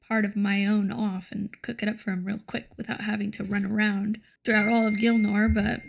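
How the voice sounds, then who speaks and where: A woman's voice: medium pitch, gravelly. A young woman giving joking, self-mocking, chatty commentary while playing a game. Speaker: gaming streamer.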